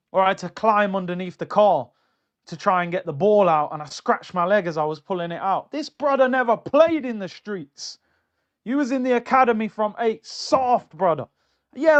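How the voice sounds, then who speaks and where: A man hosting a football fan channel, ranting in a mocking, slangy, animated way. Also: sits high. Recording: dull lo-fi sound.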